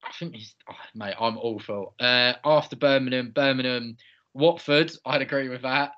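A young man co-hosting a relaxed chat, reading audience answers and mocking his own ignorance. His voice sits at an ordinary mid pitch. The recording sounds a bit muffled and lo-fi. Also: normal speed. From London area. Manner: teasing, self-mocking, reads audience replies. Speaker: podcast co-host. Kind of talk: casual chat.

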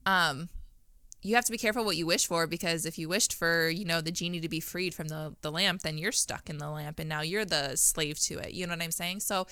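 Brief: woman co-host, low voice, bright and smooth, earnest and reflective. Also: steady tone, brisk, no echo, clean studio sound. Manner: earnest, reflective, uses fillers like "like" and "you know". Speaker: co-host of a Christian podcast. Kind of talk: faith-based conversational discussion.

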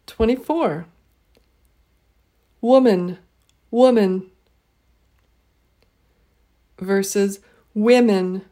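A woman runs a pronunciation lesson at a very slow, careful pace. She reads each practice word twice, giving every sound room to be heard. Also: medium pitch, warm tone. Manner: says each word twice, clearly and slowly. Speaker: pronunciation teacher. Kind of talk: slow, deliberate pronunciation drill.

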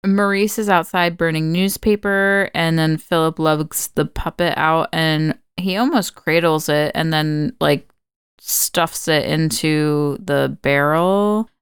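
A woman with a low, very clear and smooth voice talks through a film from her notes in relaxed podcast chat. She laughs often and swears freely. The sound is close and dry, with no room around it. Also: slow pace, no room sound. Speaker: podcast co-host. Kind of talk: casual movie recap chat.

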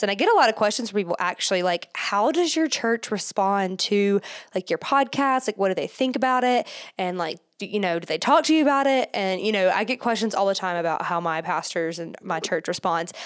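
A woman hosting her own podcast in a loose, chatty monologue, her voice smooth and clear. She sounds slightly out of breath and keeps circling back with fillers and restarts. Her pitch sits in an ordinary middle range. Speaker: podcast host. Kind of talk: casual solo podcast monologue.

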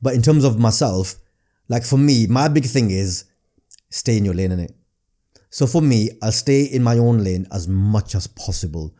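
A man with a Northern English accent, a comedian guest chatting casually on a podcast, talking quickly and restarting phrases with repeated words. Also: lowish voice, lively intonation, dark tone. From Northern England.

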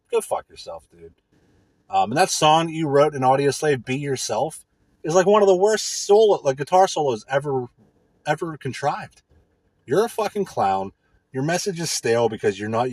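Husky man ranting with profanity. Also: mid-range voice, dry recording. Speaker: podcast host. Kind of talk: casual ranting monologue.

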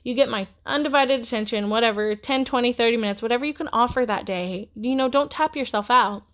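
A young woman hosting a podcast speaks a little fast in a fairly high voice. Her casual motivational monologue is candid, rambling and encouraging, full of "like" fillers.

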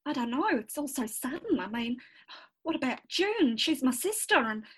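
A woman doing a high, swooning dreamer. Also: big pitch swings, normal speed, slightly rough, full character voice. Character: dreamy, gushing woman in love. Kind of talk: improvised comedy soap.

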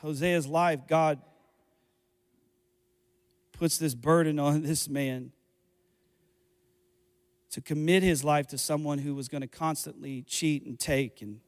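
A man preaching a sermon, earnest and building to impassioned appeals to the congregation. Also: fairly high pitch. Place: church hall. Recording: echoey hall with faint music. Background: faint music.

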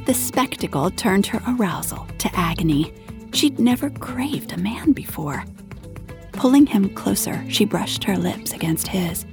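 A woman narrating an erotic audio story in a soft, intimate voice that often drops to a half-whisper. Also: medium pitch.

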